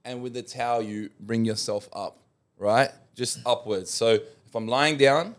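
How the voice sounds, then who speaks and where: Relaxed man explaining casually. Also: mid-range voice, measured pace. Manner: relaxed explaining, trails off and restarts, joking asides. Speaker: podcast co-host. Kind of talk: casual podcast chat.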